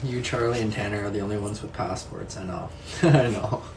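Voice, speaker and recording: A man's voice: lowish voice, a little fast, noisy background. Easygoing young man chatting to viewers. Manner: relaxed, repeats his own answers, laughs often. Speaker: streamer reading and answering viewer comments. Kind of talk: casual live chat.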